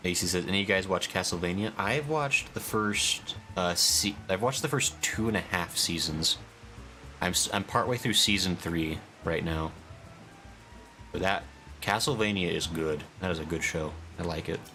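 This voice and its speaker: Male streamer, lowish bright voice, casual chat over faint game music. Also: unhurried. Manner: chatty, reads chat aloud.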